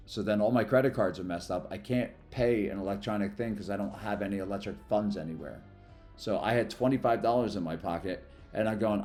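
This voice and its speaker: A man's voice: lowish voice, a little mellow, soft background music. A man livestreaming a mobile game, chatting casually and rambling about his day between plays. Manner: rambling, chatty, quick to thank followers. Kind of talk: casual live stream chat while gaming.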